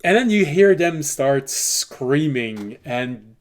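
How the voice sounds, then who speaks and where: A man runs a tabletop game, narrating events at an unhurried pace. His voice sits fairly high and swings widely in pitch as he tells the story. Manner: animated storytelling. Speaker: game master.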